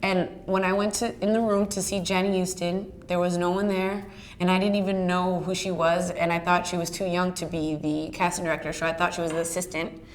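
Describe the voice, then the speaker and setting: An actress chatting about her work in an interview, telling stories in a lively way with plenty of fillers and laughs. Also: on the low side, brisk, a little hiss or hum. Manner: chatty, animated storyteller with many fillers and laughs. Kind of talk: casual storytelling interview.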